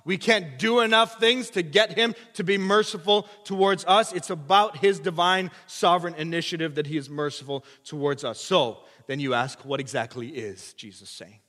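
A man preaching a sermon, moving from hushed asides to loud, emphatic passages. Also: fairly high pitch, moderate pace, hardly any pauses, big-room sound. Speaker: pastor.

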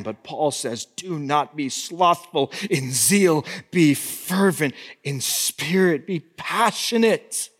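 A man preaching a sermon as pastor, swinging between fervent exhortation and hushed, intimate appeals. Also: medium pitch, in a large hall.

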